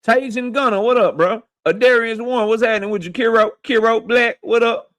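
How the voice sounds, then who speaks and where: A man hosting a boxing livestream who greets viewers by name in loud, slangy, profane banter. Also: extremely high pitch, brisk, no room sound. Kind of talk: casual livestream chat, shouting out viewers.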